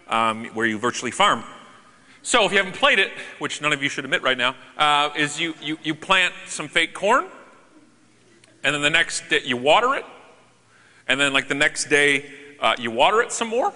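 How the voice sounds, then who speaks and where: A man giving a conference keynote to a live audience, joking and animated with sarcastic asides, on a stage microphone in a large hall. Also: medium pitch. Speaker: keynote speaker. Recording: long hall reverb.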